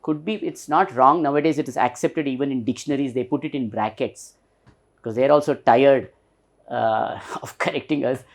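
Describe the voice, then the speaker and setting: A man's voice: mid-range voice, normal speed. A man with an Indian English accent teaching pronunciation, patiently spelling words letter by letter and repeating them for emphasis. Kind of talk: recorded pronunciation lesson.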